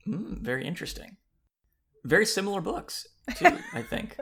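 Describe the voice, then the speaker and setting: Gravelly-voiced man hosting a podcast. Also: sits high, huge pitch swings, normal speed, a bit bright, slight background noise. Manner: joking, easygoing. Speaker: podcast host. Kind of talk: casual chat.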